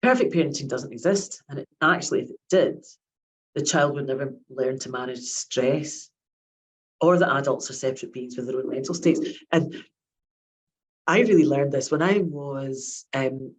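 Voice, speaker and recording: A woman's voice: extremely low pitch, low-quality recording. A woman, giving a chatty academic lecture on child psychiatry and often repeating her words.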